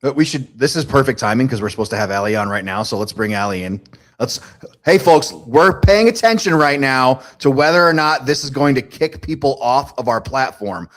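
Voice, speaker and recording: A man's voice: medium pitch, fairly quick. A man hosts a casual chat with a voice that rises and falls a lot. He swears freely, laughs often and steers the talk like a practised host. He speaks into a video call mic. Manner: animated, profane, laughs a lot. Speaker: podcast host, Army veteran.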